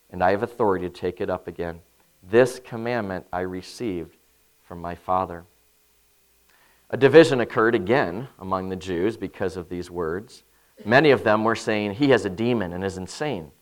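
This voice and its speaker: A pastor reading scripture, praying and preaching a sermon in an earnest manner, often dropping to a soft voice at the ends of phrases. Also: male voice, sits low. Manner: earnest preaching, swells and drops in loudness.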